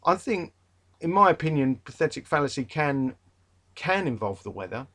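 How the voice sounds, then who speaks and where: A man's voice: a little high, very animated, normal speed, a bit bright. Chatty London-accented male tutor. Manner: rambling, chatty, with many fillers and restarts; exasperated, emphatic about a pet peeve. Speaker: English literature tutor. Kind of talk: revision talk to students.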